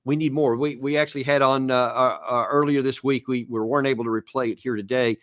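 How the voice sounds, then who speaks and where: A man's voice: mid-range voice, steady tone, fast, fairly bright tone, no room sound, dull audio. A man hosting an online political talk show who rambles and hesitates, with lots of fillers, and gets worked up. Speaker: host.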